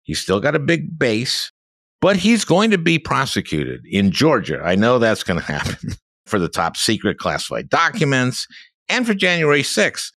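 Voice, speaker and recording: A man's voice: medium pitch, huge pitch swings, normal speed, fairly bright tone, no echo. Wry older man spinning stories. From Minnesota. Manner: wry storyteller. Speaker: podcast host. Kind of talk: casual chat.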